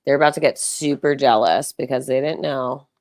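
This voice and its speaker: A woman's voice: very deep voice, normal speed, darkish tone. A young woman live-streaming from home, chatting casually and playfully, often slipping into baby talk for her cats.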